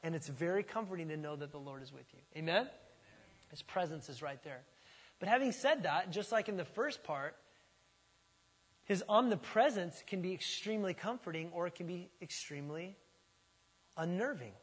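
Husky-voiced pastor preaching in a hall. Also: male voice, sits high, moderate pace. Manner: conversational and animated, swings from loud emphasis to hushed asides. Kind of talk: sermon. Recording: long reverb of a large hall.

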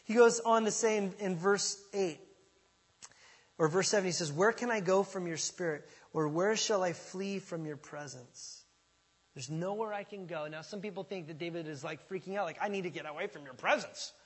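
A male pastor preaching with a husky, fairly high voice. He talks conversationally, moving from loud emphatic bursts to hushed asides. The sound carries the long reverb of a large church hall. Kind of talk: sermon.

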